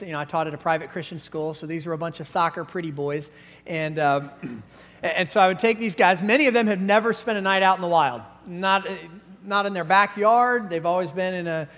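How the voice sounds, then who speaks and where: A middle-aged man preaching a sermon as pastor, telling stories with animation and acting out voices. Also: high voice. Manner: storytelling, animated, acts out quoted voices. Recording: long reverb of a large hall.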